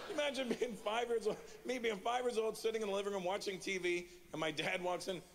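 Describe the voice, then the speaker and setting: A man's voice: sits high, moderate pace, creaky, a bit bright. A man in his forties from Canada performing a stand-up comedy routine, telling a story and acting out the quotes. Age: 40s.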